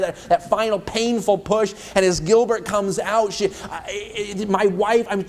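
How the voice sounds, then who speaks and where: A young male evangelist tells a personal story from the pulpit in a slightly high voice. He speaks conversationally and pokes fun at himself, speeding through some phrases and slowing down on others for weight. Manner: storytelling, conversational, self-deprecating. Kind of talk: sermon.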